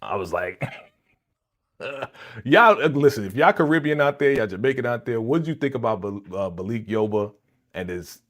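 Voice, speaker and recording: A young man hosting a live reaction stream, talking casually and excitedly with slang and lots of laughter. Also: medium pitch, moderate pace. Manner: animated, laughing, slangy, recaps with quoted lines.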